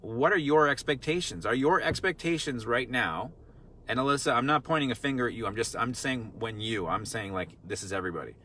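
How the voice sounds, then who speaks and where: Man, dog trainer, casual teaching, earnest, repetitive, bright forceful tone. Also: medium pitch, fairly quick, a little hiss or hum. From Vermont. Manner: earnest, repetitive, rhetorical questions. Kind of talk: casual teaching talk, answering viewer questions.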